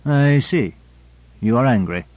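A man's voice: mid-range voice, expressive, a little slow, dry recording, dull audio, lightly acted. Male reader playing sardonic probing man, sly, dry phone-thin audio.

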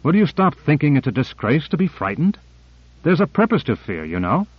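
A man playing a calm male agent who gently reassures and explains, in an audiobook. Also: on the high side, brisk, breathy edge, dry recording, muffled recording, voice pushed up. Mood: reassuring.

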